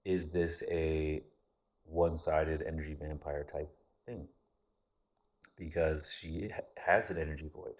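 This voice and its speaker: A man's voice: rumbling low, fairly even intonation, unhurried, long pauses, a little mellow. A man talking in a casual vlog monologue, rambling and candid, with frequent restarts and casual swearing. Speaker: vlogger.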